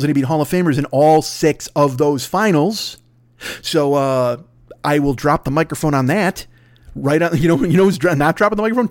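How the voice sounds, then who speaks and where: A man's voice: a little high, no room sound, studio quality. Profane, rambling man on a podcast. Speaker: podcast host. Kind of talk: casual comedic rant. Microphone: podcast microphone.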